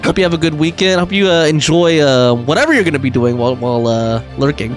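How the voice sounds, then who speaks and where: A man's voice: a little high, expressive, quick pace, faint music behind. A man streaming a game, chatting casually and reading viewer messages aloud, with frequent laughs and fillers. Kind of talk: casual gaming livestream chat.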